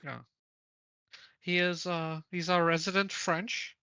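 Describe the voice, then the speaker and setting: A woman's voice: lowish voice, little pitch movement, slow, sharp tone, clear, resonant tone, no room sound. A woman from Africa, trading dry, teasing banter in a casual group chat on a stream. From South Africa.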